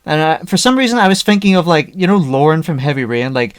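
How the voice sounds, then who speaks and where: A man co-hosting a casual podcast chat, animated, acting out his own reactions. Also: fairly high pitch, quick pace, smooth, dry recording, studio quality. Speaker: podcast co-host.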